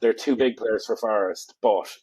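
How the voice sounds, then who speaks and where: A man co-hosting a casual fantasy football podcast, his voice lowish and husky. He talks through team picks analytically, thinking aloud with little fillers, and the sound is dry and close. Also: moderate pace, a little mellow, no echo, rough recording.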